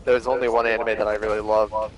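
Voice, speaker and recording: A man chatting on a game stream, speaking softly and hesitantly. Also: on the low side, little pitch movement, fast, a little hiss or hum, rough recording. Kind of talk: casual chat.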